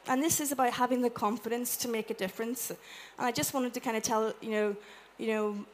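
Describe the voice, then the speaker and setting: A woman with an Irish accent giving a chatty, animated talk to a live audience, acting out little quotes as she goes. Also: fairly high pitch, brisk, a little hiss or hum. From Ireland. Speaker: conference speaker. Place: event room with an audience.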